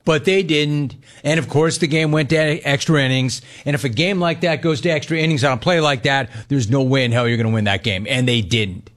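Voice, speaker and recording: A man hosting sports talk radio, reading sponsor copy and riffing with animated, mocking commentary on a baseball blunder. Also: medium pitch, brisk, hardly any pauses.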